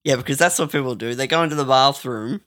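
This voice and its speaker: A man's voice: medium pitch, fast, a bit bright. A young man chatting casually, joking and sounding indignant as he tells a story.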